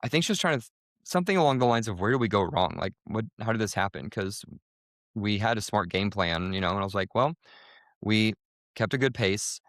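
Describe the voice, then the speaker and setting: A man co-hosting a podcast, telling a race story casually, with lively jumps in pitch when he quotes people. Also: a little fast, dry recording, studio quality. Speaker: podcast co-host.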